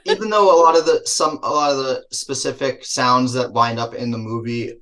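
A man with a New Jersey accent talks through his answers in a casual interview, restarting sentences and laughing between thoughts. His voice sits at an ordinary middle pitch for a man. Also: normal speed, fairly bright tone. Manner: rambling, self-correcting, laughs between thoughts. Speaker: filmmaker guest.

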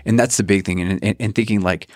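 A man's voice: lowish voice, steady tone, quick pace, darkish tone, no echo, clean studio sound. A man talking casually about faith and patience, with lots of "like" and "right?". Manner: loose, filler-heavy, keeps asking "right?". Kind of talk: casual faith podcast chat.

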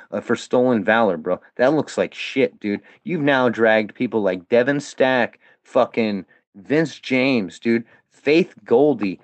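A man's voice: mid-range voice, no echo. Furious, swearing man ranting at critics. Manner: heated, profane, confrontational. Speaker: guest, former fan of a comedian. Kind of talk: angry monologue addressed at critics.

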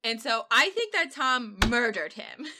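A woman co-hosting a podcast in casual chat, rambling with lots of fillers and quick laughs. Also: on the high side, very animated, sharp tone. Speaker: podcast co-host.

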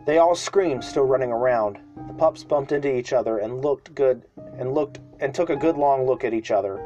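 A man's voice: medium pitch, normal speed, lo-fi sound, faint music behind. A man reading a children's story aloud for a podcast, in an unpolished home style with small restarts. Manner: unpolished home reading with restarts and loud shouted cries for characters.

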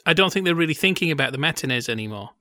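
Male co-host, fairly high and bright, playful and giggly, dry close mic. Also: expressive, racing, no room sound. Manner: jokey, laughs often, playful tangents. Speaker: podcast co-host. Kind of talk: casual chat.

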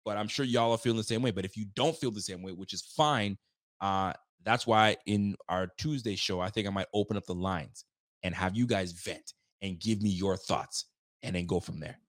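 A man with a lowish voice hosts a live postgame fan show and works through viewer chats. He talks casually and gets heated, with plenty of slang. The sound is dry and close. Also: moderate pace, no room sound. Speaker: sports fan show host. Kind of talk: postgame livestream reaction, reading viewer chats.

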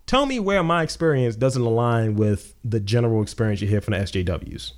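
A man's voice: medium pitch, animated, a little fast. A young adult man co-hosting a podcast, telling stories in blunt, profane casual chat. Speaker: podcast co-host.

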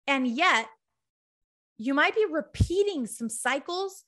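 A woman's voice: sits high, animated, slow, a bit bright. A woman giving a direct, emphatic tough-love motivational talk to her followers, full of repetition. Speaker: motivational speaker.

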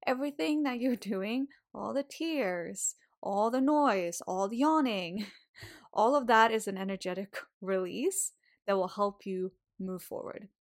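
A woman's voice: medium pitch, a little slow. A woman hosting a wellbeing podcast, talking casually and encouragingly, swearing often and laughing now and then. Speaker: podcast host. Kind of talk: casual motivational monologue.

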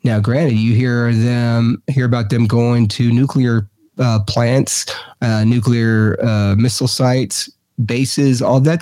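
A man's voice: takes it slowly, dry recording. Guy telling stories, middle-aged, voice jumps way up for emphasis, dry close sound. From Texas. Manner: animated, pitch jumps up high for emphasis. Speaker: guest, paranormal investigator. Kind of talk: casual storytelling.

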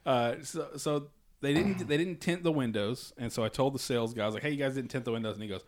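A man's voice: mid-range voice, fast. A man casually telling a long anecdote, with many restarts and laughs, as a podcast co-host. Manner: storytelling with frequent restarts and laughs. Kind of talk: casual chat.

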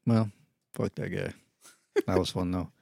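A man's voice: low-pitched, unhurried, vocal fry, no echo, clean studio sound. Profane man telling a story. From Houston, Texas. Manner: profane, animated storyteller acting out quotes. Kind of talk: casual storytelling chat.

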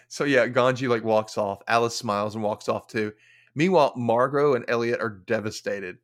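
A young man hosting a podcast, casually recapping an episode with animated storytelling and wry quoted asides. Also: medium pitch, moderate pace. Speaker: podcast host.

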